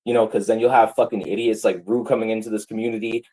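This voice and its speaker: Pissed off guy cussing nonstop on his livestream, lowish voice. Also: flat delivery, fast talker, few pauses, mellow, rough recording. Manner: profane, heated and repetitive. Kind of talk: angry livestream rant.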